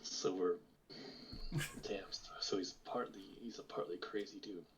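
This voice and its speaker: A man's voice: deep voice, steady tone, measured pace, background noise. A man playing a tabletop game, asking questions and reading out his character's written notes. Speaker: player. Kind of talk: tabletop role-play chat. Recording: dull lo-fi mic.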